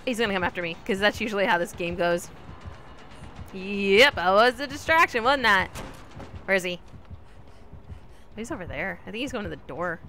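A woman streamer giving casual commentary while she plays, chatty and talking to her teammates and the killer, with sudden excited yelps. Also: medium pitch, moderate pace, pauses often, soft background music. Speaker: gaming streamer.

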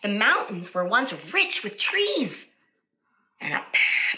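A woman speech-language therapist reading a picture book aloud to children, animated and stopping to ask questions. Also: mid-range voice, takes it slowly, gravelly, low-quality recording.

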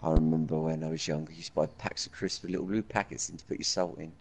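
A man's voice: very deep voice, steady tone, rapid-fire, creaky, slight background noise. A man livestreaming a video game, chatting in a friendly way with friends and viewers over a headset. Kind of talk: casual gaming chat.

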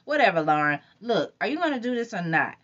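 A woman's voice: mid-range voice, very animated, fast, fairly bright tone, voice pushed up. Woman voicing Lauren, a sassy young New Yorker. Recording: dull lo-fi recording.

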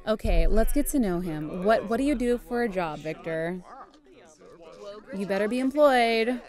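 This gaming YouTuber's voice is medium-pitched, expressive, and somewhat dark, at a moderate pace. A young adult woman, she casually plays a life-sim game, giggling and chatting as she playfully narrates what she's doing.

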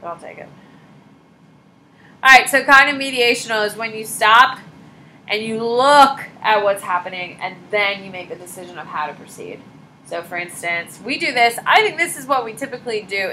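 A woman's voice: medium pitch, sharp tone, slight background noise, rough recording. A woman teacher giving a casual classroom lecture, chatty and full of asides and stories.

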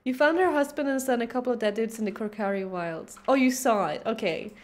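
A woman's voice: fairly high pitch, fairly quick, faint music behind. A woman streaming a video game, chatting casually and giggling often. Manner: giggly, animated.

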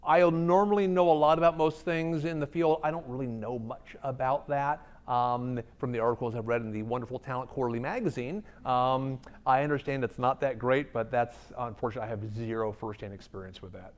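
A man's voice: medium pitch, steady tone, fairly quick, few pauses. Candid man answering audience questions. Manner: candid, conversational, frequent ums. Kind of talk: conference Q&A talk. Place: company event room.

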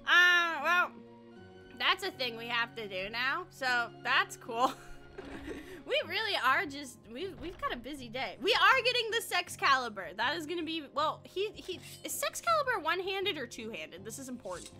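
Woman game streamer, high voice, very bright tone, giggly, crude, rambling, casual chat. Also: sing-song, moderate pace, soft background music. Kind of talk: casual livestream chat with reading aloud.

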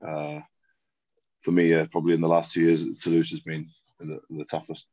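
A man's voice: extremely low pitch, completely flat delivery, normal speed, dark tone, dry recording. A laid-back Australian man in his thirties, a rugby player guest chatting casually on a podcast, rambling and calling everyone mate. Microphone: remote call. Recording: dull lo-fi call audio.

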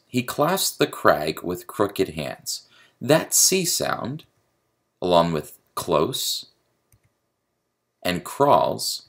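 Male writing instructor, deep and gravelly, explanatory lecture delivery. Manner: explanatory, chants stress patterns aloud. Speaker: creative writing teacher. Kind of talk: recorded video lecture.

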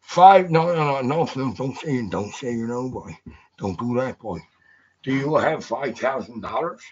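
A man on a livestream, chatting in a rambling, profane, emotional way, swinging between shouts and mutters. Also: medium pitch, animated, a little slow, recorded from a distance, muffled recording, slight background noise.

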